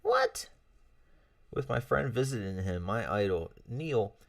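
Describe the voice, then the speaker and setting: A man's voice: on the low side, expressive, normal speed, creaky, darkish tone, dry recording, studio quality, distant mic. A man hosting a casual livestream, chatting with viewers in a rambling, friendly way with many fillers and chuckles. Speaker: livestream host. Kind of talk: casual livestream chat reading out chat messages.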